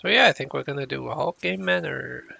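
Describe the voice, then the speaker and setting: Gravelly, jokey man playing a game. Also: mid-range voice, a little fast, pushed and bright. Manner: rambling, self-mocking jokes. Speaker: game streamer. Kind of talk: casual gameplay commentary.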